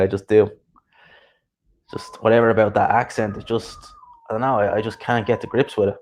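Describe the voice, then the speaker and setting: A man hosting a boxing channel, rambling casually on a live stream as he answers viewer comments aloud. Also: lowish voice.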